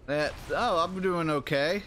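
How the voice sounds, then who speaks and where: Playing a game on a live stream, a man with a slightly high, somewhat bright voice talks in an unhurried way, answering viewers and reacting as he goes. A little hiss or hum sits under the recording.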